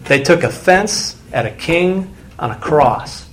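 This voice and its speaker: A man preaching a sermon with a slightly higher-than-usual voice. He is earnest and drives his points home with repeated refrains. He sometimes slips into dramatic retellings of the story he is preaching on. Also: expressive, a little slow, a bit bright. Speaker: pastor.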